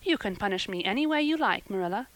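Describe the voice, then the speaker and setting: A woman reading an audiobook, voicing a passionate, dramatic red-haired orphan girl who talks in high, impassioned, pleading bursts. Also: expressive, fast talker, no echo, lightly acted, rough recording. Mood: defiant.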